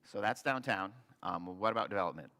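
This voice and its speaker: A man's voice: lowish voice, expressive, fairly quick, sharp tone. A man, a local developer, presenting slides to an audience with earnest, restart-filled explanations. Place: meeting hall with audience. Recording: long hall reverb.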